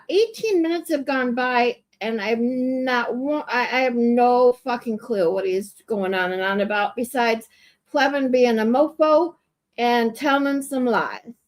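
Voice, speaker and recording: A woman hosts a livestream and reacts to clips with casual commentary, baffled and exasperated, with swearing slipped into her asides. Her voice is high and she talks slowly and drawls. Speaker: livestream host.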